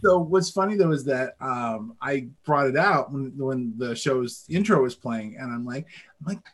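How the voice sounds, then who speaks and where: A man co-hosting a casual podcast chat, animated and quick to swear and act out voices. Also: medium pitch, husky. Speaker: podcast co-host.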